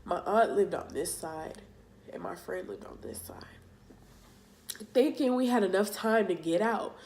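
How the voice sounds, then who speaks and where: A young woman telling a personal story for her vlog, halting and emotional, with casual slang. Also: mid-range voice, a little mellow. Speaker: vlogger.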